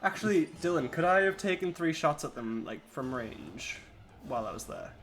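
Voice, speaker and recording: A man's voice: fairly high pitch, lively intonation, moderate pace, a bit bright. A man talking casually as a player in a tabletop game, hesitant, with many fillers and laughs.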